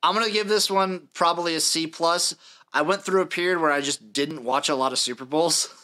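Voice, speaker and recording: Bright-voiced young man hosting a podcast. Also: on the high side, a little fast. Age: late 20s. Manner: runs the list, reads dates and acts in turn, dry jokes. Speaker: podcast host. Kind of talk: casual sports podcast chat.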